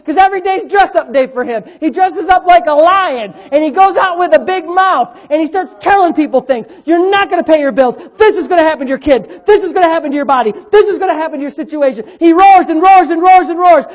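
A man preaching a sermon, quoting scripture and building to loud emphatic points. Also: extremely high pitch, muffled recording. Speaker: pastor.

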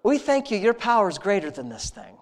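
A man's voice: high voice, sing-song, fairly quick. Earnest man leading a heartfelt spoken prayer. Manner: earnest, heartfelt, repetitive praise phrases; conversational, intimate tone. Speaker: prayer leader.

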